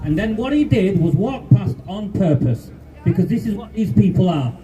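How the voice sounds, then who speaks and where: A man's voice: high-pitched, animated, normal speed, mellow, dull audio. A man, giving an angry, defiant speech at a street protest. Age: 50s. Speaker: rally speaker. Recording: distant outdoor mic.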